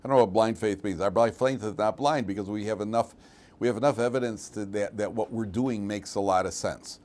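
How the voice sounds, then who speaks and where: Rabbi teaching a class, joking around, casual and chatty. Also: male voice, fairly low pitch, fairly quick. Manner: conversational, humorous, animated with frequent restarts. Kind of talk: lively Torah class with anecdotes.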